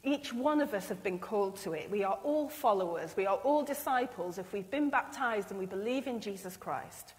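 An English woman gives an earnest, emotional sermon in a church, dramatizing speech she imagines from other people. Her medium-pitched voice is lively and moderately paced, with few pauses, and a long church reverb surrounds it.

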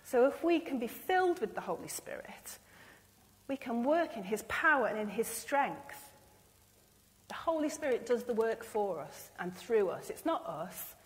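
This English woman preaches with heartfelt emotion in church, acting out what she pictures other people saying. She speaks at a measured pace in a fairly high voice with big swings in pitch, and the room carries a long churchy echo.

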